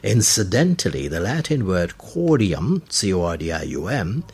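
A man hosting a radio program on word meanings, talking slowly and deliberately and spelling words out letter by letter. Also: deep voice, big pitch swings, darkish tone, slightly rough. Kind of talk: explanatory radio talk.

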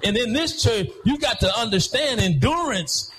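High-pitched preaching man, singsong and shouted. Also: lively intonation, normal speed, a little hiss or hum, poor audio. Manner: rhythmic preaching, swings between sung and shouted phrases. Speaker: pastor. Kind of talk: sermon. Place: church.

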